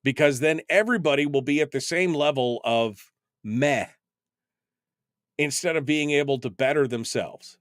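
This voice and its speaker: A man in his 50s hosts a talk radio show, his voice a little high at normal speed, recorded dry with clean studio sound. He delivers a wry, exasperated, rambling monologue full of asides.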